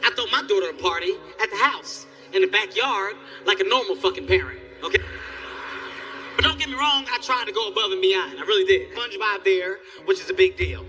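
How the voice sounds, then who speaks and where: A man doing stand-up comedy, telling a profane story in an animated, exasperated way. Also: high voice, fairly quick, a little hiss or hum. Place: live comedy venue. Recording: distant live stage recording with faint music.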